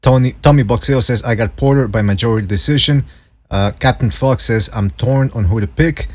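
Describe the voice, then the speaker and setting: A man hosting a loose, casual boxing podcast in a husky, slightly rough voice. He swears a lot and laughs as he talks. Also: mid-range voice, fairly quick, darkish tone. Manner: swears freely, laughs often. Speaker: podcast host.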